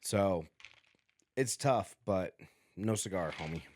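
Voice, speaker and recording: A man's voice: sits low, expressive, slow, darkish tone, a little hiss or hum. A man co-hosting a podcast in casual chat, laid-back and agreeable, swearing casually. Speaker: podcast co-host.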